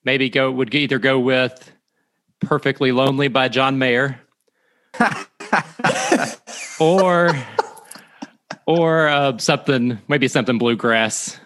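A man's voice: medium pitch, steady tone, slow, long pauses, fairly bright tone. A man hosting a casual church staff podcast and closing the episode. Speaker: podcast host. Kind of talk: casual chat.

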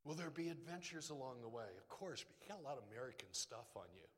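A man preaching a sermon as a pastor, emphatic, swinging between loud declarations and hushed asides. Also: mid-range voice, expressive, fast. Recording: long reverb hall.

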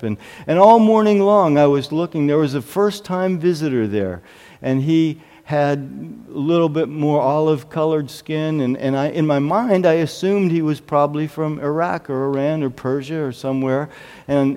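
Pa pastor guy, animated storytelling sermon, kinda high voice, echoey church hall. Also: normal speed. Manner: self-deprecating, animated anecdotes. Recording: reverberant hall.

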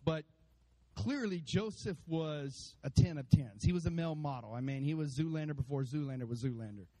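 A man preaching a sermon to his church, animated, acting out voices and calling out to the congregation. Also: on the high side, brisk, poor audio. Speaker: pastor. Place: church sanctuary.

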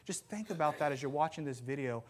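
A man preaching a sermon to a congregation, telling stories with lively, self-deprecating asides. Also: fairly high pitch, fast. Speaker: pastor. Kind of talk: sermon with jokes. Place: church sanctuary with congregation.

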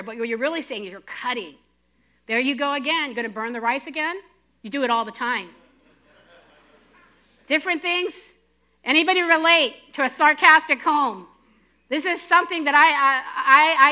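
A middle-aged woman preaching a sermon, animated and emphatic, asking the audience questions. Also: high voice.

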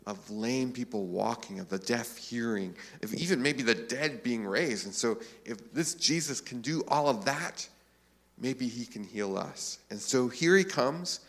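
Man, pastor, sermon, conversational, casual filler phrases, medium pitch.

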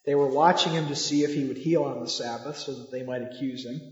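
A man's voice: medium pitch, steady tone, fast talker. A man preaching a sermon in a conversational way, asking the listeners rhetorical questions. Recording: echoey hall, dull lo-fi sound.

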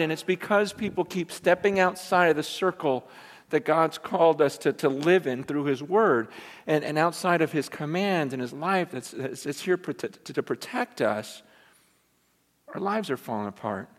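A male pastor preaching a sermon in a church, self-deprecating and animated, often repeating words as he goes. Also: high-pitched, normal speed. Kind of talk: sermon with a joke. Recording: long church reverb.

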